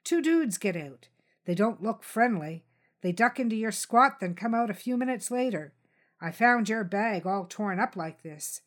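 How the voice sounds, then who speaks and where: A woman's voice: medium pitch, expressive, unhurried, close to an everyday voice. Lady doing a chill street dude, slangy and offhand, storybook style. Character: laid-back young male street dealer, casual slang.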